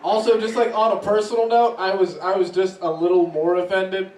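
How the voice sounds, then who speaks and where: Man comic, higher voice, storytelling bits, heard from a distance in a roomy venue. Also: moderate pace. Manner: animated, voices swing high when acting out reactions. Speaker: stand-up comedian. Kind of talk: stand-up storytelling. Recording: echoey room from a distance.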